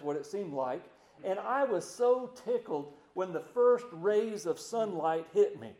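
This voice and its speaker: Folksy male preacher, high-pitched, slows to quiet emphasis, reverberant church sound. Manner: folksy, repeats words, drops to slow hushed emphasis. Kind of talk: sermon.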